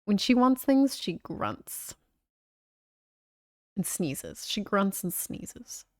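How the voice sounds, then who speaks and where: Young woman, casual stream chat, fry in the voice, dry close sound, laid-back filler-heavy talk. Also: mid-range voice, extremely slow, no echo. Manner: relaxed, chatty, lots of "like" fillers.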